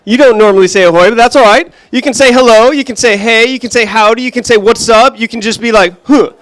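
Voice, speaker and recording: A man's voice: very high voice, fast talker, a bit bright, no room sound, poor audio. A man hosting a live kickoff event as its director, joking with the crowd and walking through the rules. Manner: upbeat, joking crowd work. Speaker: event host and center director. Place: event room with an audience.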